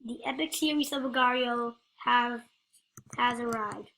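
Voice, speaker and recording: A woman's voice: fairly high pitch, a little slow, a bit bright, slight background noise. A woman giving playful, rambling gameplay commentary, joking and talking to the other players.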